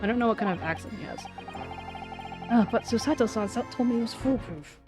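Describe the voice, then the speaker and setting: A woman's voice: a little high, animated, fairly quick, over music. A woman streaming a game, chatting casually and reacting to it and her chat.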